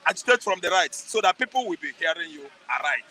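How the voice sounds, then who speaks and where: A middle-aged Nigerian man gives an impassioned street interview. He preaches, repeats phrases for emphasis, sometimes shouts, and asks himself rhetorical questions. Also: fairly high pitch, lively intonation, fast, a little hiss or hum, poor audio.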